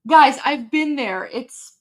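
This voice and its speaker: A woman's voice: high-pitched, animated, takes it slowly, a bit bright. A woman hosting a casual livestream, talking in an emotional, rambling way that breaks off and restarts often. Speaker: livestream host. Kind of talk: casual live-stream chat.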